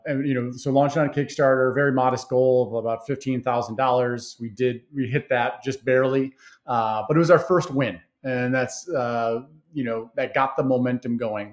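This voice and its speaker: A man's voice: medium pitch, moderate pace. A man being interviewed about starting his party game company, talking in an easygoing way with plenty of fillers and restarts. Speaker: game creator guest. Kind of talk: conversational interview.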